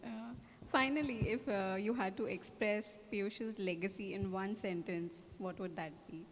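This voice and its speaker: A woman's voice: mid-range voice, unhurried, slight background noise. Woman moderator in a reverberant hall. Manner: brief, affirming replies. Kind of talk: interview questions. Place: event hall. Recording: long reverb of a large hall.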